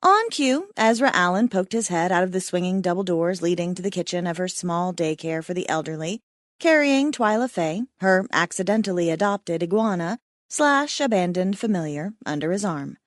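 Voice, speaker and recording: Expressive woman audiobook narrator. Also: on the low side, moderate pace, dry recording, clean studio sound. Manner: playful and expressive.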